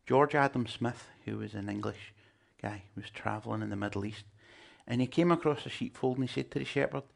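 Gravelly male preacher. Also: mid-range voice, brisk. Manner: emphatic, humorous asides to the congregation. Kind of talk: sermon.

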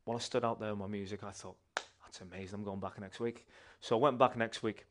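A man, a church member giving a personal testimony in an animated, conversational way with restarts. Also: on the low side, quick pace, slight background noise.

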